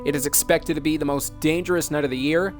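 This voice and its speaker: A man's voice: fairly high pitch, fairly even intonation, fast talker, music in the background. A man hosting a mock news broadcast, dramatic and emphatic, repeating words for effect.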